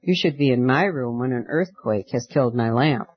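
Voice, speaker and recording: A man reading as a gentle girl of the night. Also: medium pitch, moderate pace, husky, no room sound, lo-fi sound, pitched below the performer's own voice, lightly acted. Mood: musing. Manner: soft, tender and kindly. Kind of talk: audiobook storytelling.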